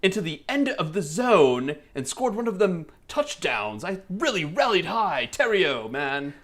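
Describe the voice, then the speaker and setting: A man's voice: high voice, big pitch swings, a little slow, fairly bright tone, voice pushed up, exaggerated voice. A man voicing a posh British man who muddles his way through American sports talk in an overdone upper-class accent. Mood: mock-posh.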